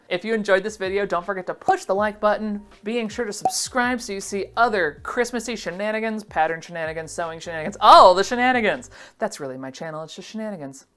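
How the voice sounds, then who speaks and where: A woman in her thirties from Ohio, chatting through a casual reaction vlog in a giggly, self-deprecating, expressive way. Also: fairly low pitch. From Ohio, USA. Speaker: vintage pattern seller and vlogger.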